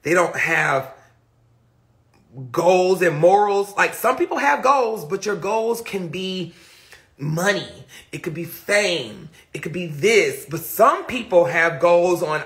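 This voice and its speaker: Speaking into a phone, a man hosts a blunt, profanity-laced livestream rant, pausing between points to read chat comments out loud. He sounds high-pitched and a bit bright, with lively intonation and a slow pace.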